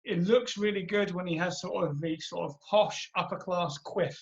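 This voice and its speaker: A British man chats about a movie, stumbling and restarting his sentences as he goes. His voice sits slightly high. The audio is dull and lo-fi. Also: moderate pace, vocal fry. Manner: hesitant, lots of restarts. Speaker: podcast co-host. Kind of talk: casual movie chat. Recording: muffled lo-fi audio.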